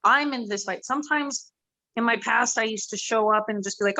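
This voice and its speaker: A woman's voice: a little high, a little fast, sharp tone, no echo, rough recording. A woman MMA fighter in a casual interview, rambling, candid and swearing freely.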